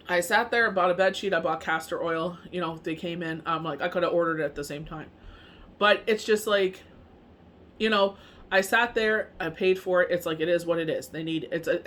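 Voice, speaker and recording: A woman who reads tarot, talking in a casual, rambling monologue full of fillers. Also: lowish voice. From Canada. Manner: rambling, heavy on fillers like "you know what I mean". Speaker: tarot reader and medium.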